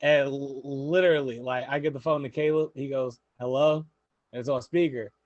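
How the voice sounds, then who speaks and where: A young adult man hosting a podcast, telling stories in an animated way, laughing often and quoting people. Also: medium pitch, brisk, no room sound, dull audio. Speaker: podcast host. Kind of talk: casual podcast storytelling.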